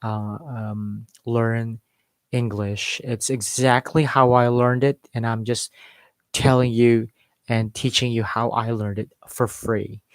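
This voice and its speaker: Male accent coach, casual live-stream lesson, mid-pitched voice, dry close mic. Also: little pitch movement, slow, dry recording. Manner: explains with modeled examples and filler words. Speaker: English accent teacher.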